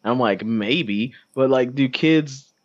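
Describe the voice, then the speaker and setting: A man's voice: mid-range voice, takes it slowly. A man co-hosting a casual podcast, joking and slipping into mock voices for laughs. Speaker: podcast co-host. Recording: slightly dull lo-fi sound.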